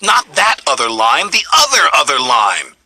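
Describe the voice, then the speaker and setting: A man's voice: a little high, very animated, moderate pace, very noisy. Donald, a huffy proud steam engine, as a man puts him on. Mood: cross. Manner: huffy, cross. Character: grumpy proud male steam engine twin. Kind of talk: storybook reading. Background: loud music.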